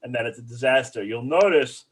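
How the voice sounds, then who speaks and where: A man's voice: medium pitch, brisk, breathy edge. A male rabbi teaching a bible study class in a conversational, joking, explanatory way.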